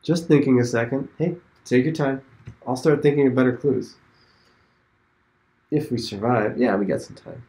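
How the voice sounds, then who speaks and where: A man's voice: medium pitch, normal speed, pauses often, dark tone. Man thinking aloud. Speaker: host. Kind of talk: casual commentary while playing an online game.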